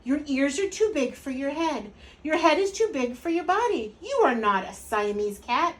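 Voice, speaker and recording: A woman voicing a playful, excitable young boy kitten in a read-aloud storybook. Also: high voice, normal speed, voice pushed up. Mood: excited.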